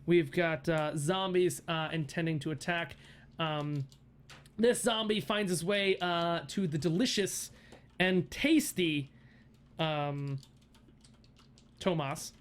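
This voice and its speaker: A man's voice: on the high side, slow, long pauses. A man narrating as game master of a tabletop game, laughing often and rambling through fillers.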